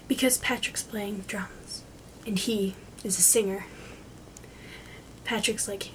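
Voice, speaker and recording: Slow, giggly woman half-whispering. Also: mid-range voice, steady tone, a little hiss or hum, poor audio. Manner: giggly, casual, often drops to a soft whisper; swears casually. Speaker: amateur video maker. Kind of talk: joking dramatic reading.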